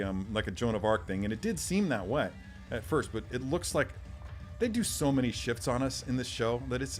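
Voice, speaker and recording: A man hosting a casual live stream, chatty and self-deprecating, thinking aloud and answering viewer comments as he works. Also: medium pitch. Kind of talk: casual live-stream chat while unboxing. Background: faint sci-fi music.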